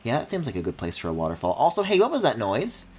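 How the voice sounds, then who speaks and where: Animated man streaming a game. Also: fast talker, slight background noise. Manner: thinks aloud in a low mumble, then bursts into high excited squeals; swears in mock outrage. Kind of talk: live-streamed gameplay commentary.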